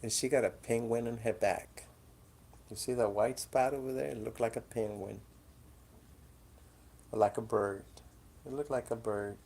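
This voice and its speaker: A woman's voice: very deep voice, steady tone, normal speed, vocal fry, pauses often, warm tone, breathy edge. A woman chatting casually at home in her apartment, coaxing and teasing her cats in front of a camera. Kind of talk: casual chat to pets at home. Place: apartment indoors. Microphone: camera in the room.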